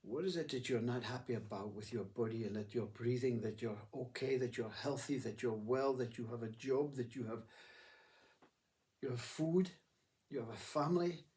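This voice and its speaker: A man's voice: mid-range voice, moderate pace, darkish tone, far from the mic. A man giving a reflective spiritual talk who acts out inner voices as he speaks. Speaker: spiritual teacher.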